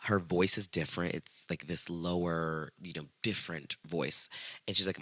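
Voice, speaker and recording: Man, podcast host, deep yet bright voice, slangy and profane, squeaky voices for quotes, dry close sound. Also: normal speed, dry recording. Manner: profane, slangy, animated retelling with acted-out quotes; quotes people in high squeaky put-on voices. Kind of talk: casual true-crime storytelling.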